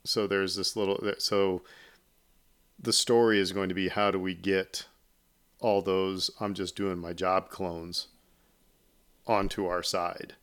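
A man hosting a casual podcast, his voice a touch low and smooth. He rambles through his points with plenty of ums, restarts and asides. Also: flat delivery, slow, pauses often, fairly bright tone. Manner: rambling, many fillers and restarts. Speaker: podcast host. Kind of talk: casual chat.

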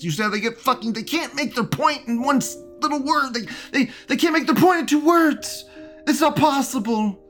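Speaking in a high-pitched, fairly bright voice, a man rambles through casual commentary while hosting a live show. He laughs a lot, says things more than once and mocks the chat messages he reads aloud.

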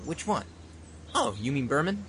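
Man playing a teasing laid-back young guy, bright lively voice, higher pitch. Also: moderate pace, slight background noise. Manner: teasing, breezy, swings up and down. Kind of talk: fan audio drama dub.

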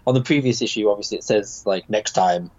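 A man's voice: fairly low pitch, fairly quick. Rambling man, slightly muffled. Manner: rambling, many fillers and restarts. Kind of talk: casual comic book discussion.

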